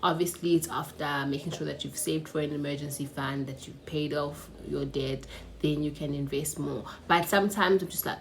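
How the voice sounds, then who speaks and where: A woman's voice: sits low, fairly even intonation, normal speed, a little mellow, a little hiss or hum. A young woman with a South African accent talking about money habits in a casual vlog, chatty and laughing often, slipping in Zulu words. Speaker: personal finance vlogger. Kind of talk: casual vlog talk to camera. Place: her mother's house.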